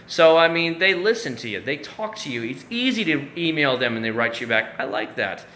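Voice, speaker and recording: A man's voice: fairly high pitch, very animated, fairly quick, few pauses, pushed and bright. Chatty man live-streaming in an echoey room. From Central Florida. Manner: rambling, chatty, frequent restarts and fillers. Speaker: YouTube live-stream host answering chat. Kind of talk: casual live-stream chat. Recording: echoey room with faint background noise.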